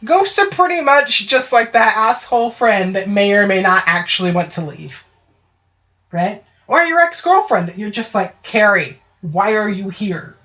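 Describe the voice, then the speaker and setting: A woman's voice: mid-range voice, very animated, normal speed, fairly bright tone. A woman in casual podcast chat, talking in a chatty, profane way and acting out voices. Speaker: podcast co-host. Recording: muffled lo-fi audio.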